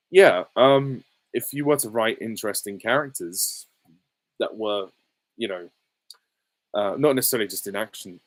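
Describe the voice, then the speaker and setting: A man's voice: on the low side, dry recording, low-quality recording. Rambling man on a dry close mic. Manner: rambling, many fillers and restarts. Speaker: YouTube host answering viewer questions. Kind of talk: casual livestream Q&A chat.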